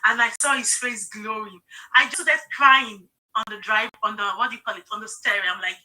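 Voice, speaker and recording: A woman's voice: a little high, lively intonation, normal speed, bright, forceful tone, poor audio. A middle-aged woman hosting a live stream, talking earnestly and personally and often checking in with "okay?". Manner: emotional, personal storytelling. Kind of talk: casual live-stream sales talk.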